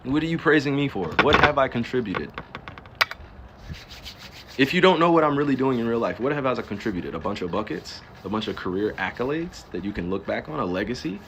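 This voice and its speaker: New jersey guy ranting on his stream, cussing, throwing out question after question, mid-pitched voice, slight hiss. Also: animated, brisk. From New Jersey, US East Coast. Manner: emphatic and ranting, with rhetorical questions, profanity and laughs. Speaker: livestreamer. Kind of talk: casual live-stream monologue.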